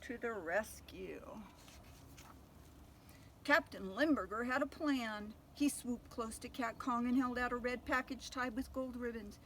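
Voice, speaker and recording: An older woman reading a picture book aloud to children, gentle and pausing to ask them questions. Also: a little high, slight background noise. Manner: gentle, asks listeners questions. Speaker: storyteller.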